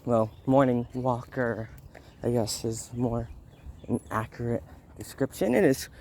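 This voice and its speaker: A young man with a medium-pitched, steady, somewhat mellow voice hosts a walk-and-talk vlog, speaking a little slowly. He's slightly sick, rambles, and keeps interrupting himself with laughter. Outdoors on his neighborhood walk, birds and a barking dog add slight background noise.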